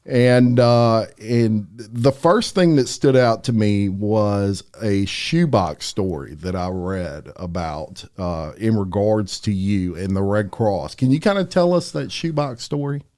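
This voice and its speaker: A man's voice: on the low side, expressive, takes it slowly, few pauses, darkish tone. A man hosting a podcast, chatting with a guest across the table, friendly with many fillers and restarts. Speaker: podcast host. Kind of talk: casual interview.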